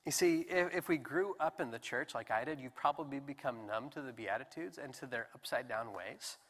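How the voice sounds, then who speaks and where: Male pastor, young adult, bright voice, lively conversational sermon, long church reverb. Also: medium pitch, fairly quick. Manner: animated, conversational preaching with restarts. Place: church sanctuary.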